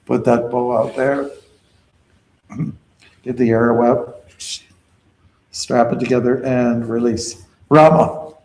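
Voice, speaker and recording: Teaching a devotional mantra call-and-response style, this kirtan leader explains patiently and gives chant lines for the group to repeat. His mid-range voice barely moves in pitch; he goes slowly, leaves long pauses, and sounds mellow. The audio is rough.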